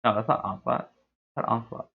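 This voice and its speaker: A young man streaming a game, talking through his play in a laid-back, rambling way with a deep, dark voice. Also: steady tone, brisk, vocal fry, husky. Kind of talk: casual gameplay commentary. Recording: tinny lo-fi stream mic.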